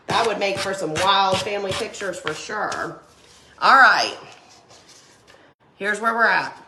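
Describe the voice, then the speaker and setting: A woman's voice: mid-range voice, sharp tone, reverberant, slight background noise. A woman who has a cold, chatting casually and laughing as she crafts and answers viewer comments. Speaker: craft livestream host. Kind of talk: casual chat while crafting.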